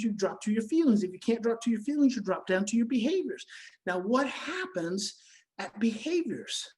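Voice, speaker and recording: A woman's voice: medium pitch, low-quality recording. A woman giving a teaching talk on parenting adopted children, emphatic and repeating her key phrases, now and then acting out everyday reactions. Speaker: conference speaker on adoption parenting.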